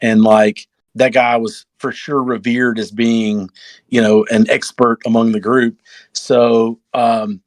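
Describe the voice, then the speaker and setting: A man's voice: medium pitch, flat delivery, slow pace, dry recording, low-quality recording. Young man, podcast guest, rambling story, mid voice, dry close mic. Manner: rambling, heavy fillers, acts out others' lines. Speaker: podcast guest, off-road racer. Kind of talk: casual storytelling chat.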